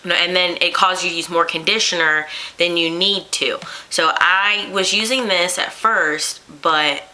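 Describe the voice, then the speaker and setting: A young woman with a very bright, slightly low-pitched voice tells a story straight to her camera. She talks in a chatty, animated way, full of "um" and "you know", acting out what others said to her. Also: a little slow, rough recording. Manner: chatty, animated retelling with many fillers. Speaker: vlogger.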